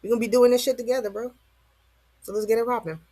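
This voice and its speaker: A woman's voice: a little high, steady tone, fast, warm tone, no echo. Slangy woman ranting to camera, dry sound. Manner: slangy, rambling, rhetorical questions. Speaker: vlogger. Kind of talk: casual motivational monologue.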